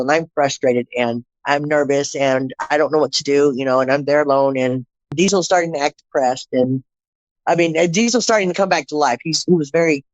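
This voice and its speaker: A woman's voice: low-pitched, no echo. Middle-aged woman telling her story, dry and muffled. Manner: animated, acts out quoted dialogue, repeats phrases for emphasis. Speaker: podcast guest. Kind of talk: personal testimony storytelling.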